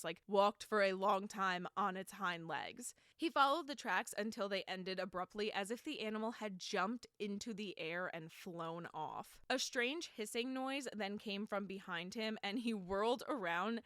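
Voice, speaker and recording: A woman's voice: mid-range voice, fairly bright tone, no echo, studio quality. A woman hosting a solo podcast, telling a folklore story in a chatty, sarcastic way with lots of filler words. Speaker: podcast host.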